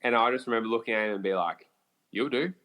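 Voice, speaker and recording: With an Australian accent and a fairly low voice, a man on a podcast races through a bowhunting tale at a very fast clip. He's lively and laid-back, swearing freely and using plenty of fillers.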